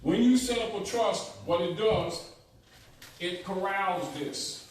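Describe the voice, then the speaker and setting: A man's voice: high-pitched, slow pace. Emphatic male lecturer in an echoey room. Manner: emphatic, repeats points, asks "right?". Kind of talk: teaching lecture. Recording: echoey room from far off, faint noise.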